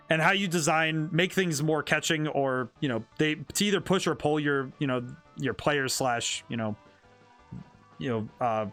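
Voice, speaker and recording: A man's voice: a little high, fairly bright tone. A man, a game designer, chatting casually while streaming a game, rambling and thinking aloud with many restarts. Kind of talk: casual gameplay commentary.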